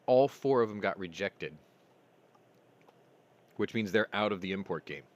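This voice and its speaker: A man hosts a casual weekly chat show, telling long, rambling stories and acting out both sides of each conversation. His lowish voice has lively intonation and moves a little slowly.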